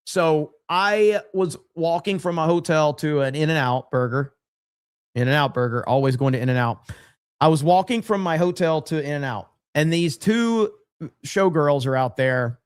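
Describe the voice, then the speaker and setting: A man's voice: on the high side, animated, a little slow, clean tone. A man hosting a casual live stream, rambling and reading viewer chat aloud. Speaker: livestream host.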